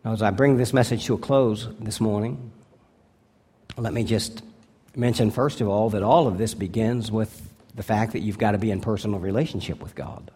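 A male pastor preaching a sermon, earnest and deliberate, slowing down to stress key words and dropping to a hushed tone for his appeals. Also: fairly low pitch, husky.

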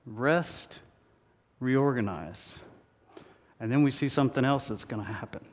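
A pastor delivering a sermon in a church, emphatic and repetitive, with humorous stories. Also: male voice, medium pitch, a little slow. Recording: reverberant hall.

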